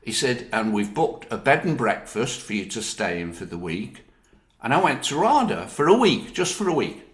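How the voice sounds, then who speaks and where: A man's voice: medium pitch, normal speed. An older man with a Northern English accent, an actor telling anecdotes in an interview, laughing often and acting out what others said. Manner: lively, laughs often, quotes others in their voices. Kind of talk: anecdotal storytelling. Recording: roomy echo.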